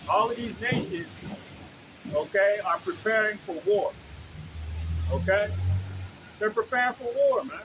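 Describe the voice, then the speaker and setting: High-voiced blunt street preacher man. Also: measured pace, pauses often, noisy background. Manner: blunt, profane, emphatic, keeps asking okay and you know.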